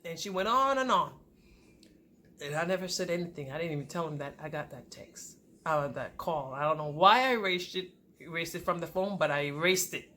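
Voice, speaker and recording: A woman's voice: low-pitched, a little fast, fairly bright tone, a little hiss or hum. A woman vlogger telling a personal relationship story straight to her viewers, with emphasis.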